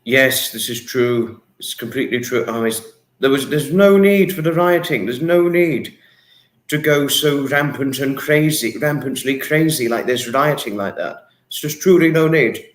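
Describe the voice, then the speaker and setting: A man's voice: mid-range voice, lively intonation, normal speed. A man hosting a casual livestream, reading out viewer comments in an emotional, repetitive way. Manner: emotional, repetitive, dwells on words. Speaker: livestream host. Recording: echoey room.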